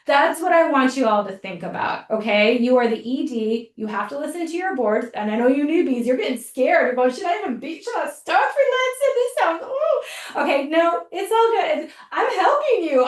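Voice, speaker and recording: Woman coach, lively conference talk, teasing, fairly high voice, echoey hall heard from a distance. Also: brisk, hardly any pauses. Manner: spirited, teasing, laughs often, addresses audience directly. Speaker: conference speaker and grant writing coach.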